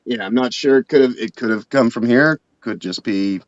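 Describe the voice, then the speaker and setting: A man's voice: mid-range voice, moderate pace, lo-fi sound. A man co-hosting a casual chat, hesitant and unsure as he chips in.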